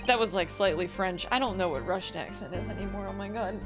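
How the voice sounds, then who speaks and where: A woman's voice: mid-range voice, fast, hardly any pauses, music in the background. A woman streamer chatting casually and swearing while playing a courtroom game, reading lines aloud. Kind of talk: casual gameplay commentary.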